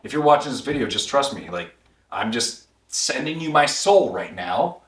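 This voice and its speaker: A man's voice: mid-range voice, very animated, brisk, fairly bright tone, husky. A man hosting a home cooking video, chatty and reassuring as he talks the viewer through each step. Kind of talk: casual cooking tutorial narration.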